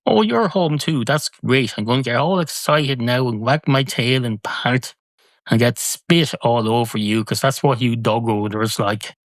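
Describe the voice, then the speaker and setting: A man's voice: medium pitch, unhurried, no echo, close to an everyday voice. A man voicing a self-important male dog who drives home from the office, in a comedy monologue. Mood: excited. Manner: self-important, then yappy and eager.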